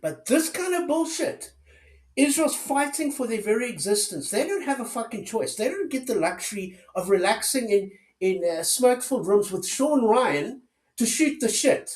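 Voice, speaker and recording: A man with a very high, sing-song, slightly mellow voice speaks at normal speed. He's a political commentator in a furious rant, heavy on swearing and sarcastic rhetorical questions, and the recording has a roomy echo.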